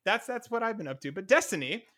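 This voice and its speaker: A man hosting a podcast in casual chat, excitable and quick, swearing now and then. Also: high voice. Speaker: podcast host.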